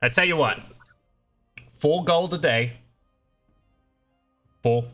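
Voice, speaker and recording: Giant Australian ship's cook with a blunt, clipped haggling drawl, put on by a man; bright, pushy tone over faint battle music. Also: a little high, takes it slowly, pitched above the performer's own voice.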